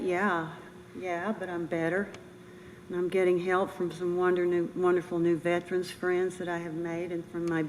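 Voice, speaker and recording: Older woman, earnest halting memorial speech. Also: fairly low pitch. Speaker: bereaved military mother giving a memorial speech. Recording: reverberant room with faint noise.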